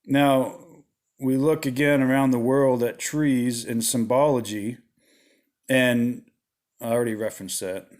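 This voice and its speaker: A man's voice: mid-range voice, steady tone, unhurried, a little mellow. A tired man with a slight lisp, talking late at night in a rambling way, often asking "right?" as he teaches about religious symbolism. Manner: rambling, restarts often, tags lines with "right?". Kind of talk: casual spoken teaching on symbolism.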